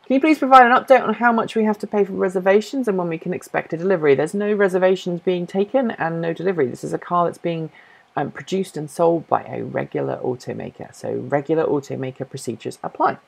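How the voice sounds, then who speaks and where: Speaking fast at a medium pitch, with vocal fry and a slightly rough quality, a Norfolk-born host whose accent mixes British and American English chats on a livestream. Viewer questions get answered as they think aloud, sometimes correcting themself.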